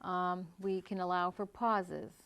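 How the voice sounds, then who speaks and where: A woman co-hosting an educational talk, calm, giving brief answers and soft murmurs of agreement. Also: lowish voice, slow pace. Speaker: co-host. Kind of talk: casual educational discussion.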